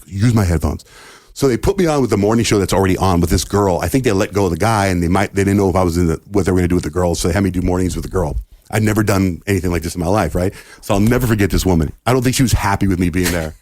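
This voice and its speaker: Deep husky-voiced man telling a story. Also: very fast, no echo. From United States. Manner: animated storyteller acting out quoted dialogue. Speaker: radio host guest. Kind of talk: casual storytelling in a podcast interview.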